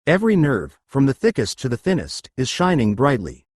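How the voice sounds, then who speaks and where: A man's voice: medium pitch, huge pitch swings, brisk, no room sound, studio quality. A man teaching an exercise lesson, explaining and often checking whether listeners follow. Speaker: exercise instructor.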